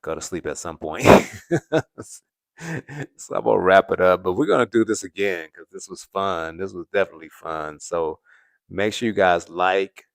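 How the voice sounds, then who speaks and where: A man's voice: low voice, moderate pace, vocal fry, no echo, studio quality. A man hosting a live stream, chatting casually with viewers, laughing often as he answers the chat. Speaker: livestream host.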